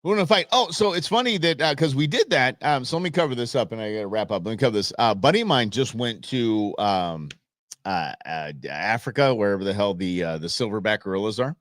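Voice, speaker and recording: A man's voice: lowish voice, animated, fairly quick, a bit bright, dry recording, clean studio sound. A man hosting a live stream, chatting casually and telling stories with goofy voices for animals. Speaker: livestream host. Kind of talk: casual chat.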